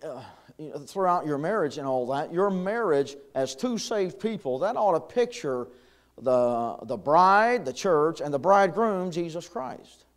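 A man's voice: a little high, lively intonation, a little slow. A middle-aged man, preaching a conversational sermon in a church, with chuckles and fillers. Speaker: pastor. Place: church sanctuary.

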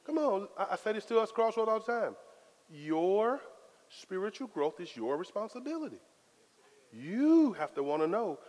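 A man preaching a sermon as pastor, in a lively, conversational style full of casual Southern phrasing. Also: sits high, moderate pace. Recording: long hall reverb.

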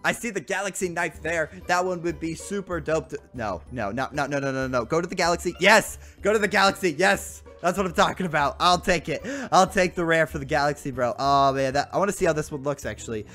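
Excitable young man with a raised voice. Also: fairly high pitch, a little fast, hardly any pauses, soft background music. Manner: excitable, groans and exclaims at bad luck, addresses viewers as guys and bro. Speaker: gaming YouTuber. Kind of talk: gameplay commentary.

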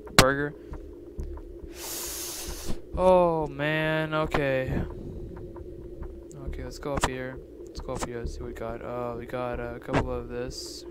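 A young man commentating a game, jittery, swinging from hushed mutters to loud yelps. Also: medium pitch. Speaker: gaming YouTuber. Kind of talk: let's-play commentary. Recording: loud noise behind voice.

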